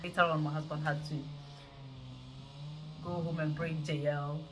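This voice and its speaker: A woman's voice: low-pitched, flat delivery, moderate pace, a bit bright. A woman in her thirties, chatting and laughing as she retells her birth story to her viewers. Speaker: vlogger recounting her birth. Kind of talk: casual storytelling to camera.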